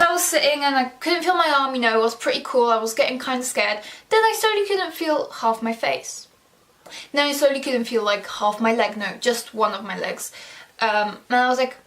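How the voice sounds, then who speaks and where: A woman's voice: normal speed, a bit bright. A teenage girl telling a personal story in a casual vlog, full of "like" fillers, swearing and self-mocking jokes. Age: teens. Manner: acts out quoted voices with pitch jumps. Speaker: vlogger.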